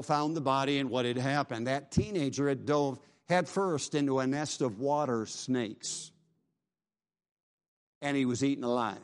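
A middle-aged man preaching a revival sermon with fervent urgency, repeating his phrases for weight. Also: on the high side.

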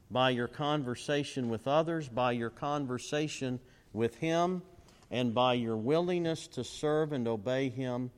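A middle-aged man preaching a sermon, asking the crowd questions and swinging between loud and quiet. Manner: call-and-response questions, dramatic swings in pitch and volume. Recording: long hall reverb.

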